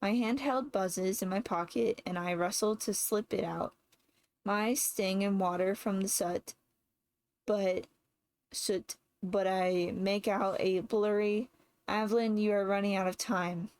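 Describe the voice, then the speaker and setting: A woman reads a first-person novel aloud at a slow, measured pace. Her recording is close and dry, with no room echo, and she sometimes stops to reread a slipped word. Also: mid-range voice, steady tone, darkish tone. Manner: measured, with occasional slips and rereads. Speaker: narrator. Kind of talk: first-person audiobook reading.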